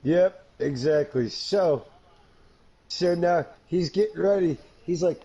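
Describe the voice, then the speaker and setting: Gravelly higher-voiced man recapping wrestling. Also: slow, mellow, dull audio. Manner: laughs often, swears, play-by-play retelling. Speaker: podcast co-host. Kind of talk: casual wrestling review chat.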